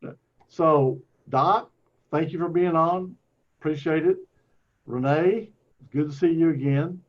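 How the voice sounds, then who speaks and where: A man with a Texas accent moderating a casual online meeting, easygoing and quick to laugh. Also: a little high. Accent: Texan. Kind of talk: casual video call chat. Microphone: video call. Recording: muffled lo-fi video call audio.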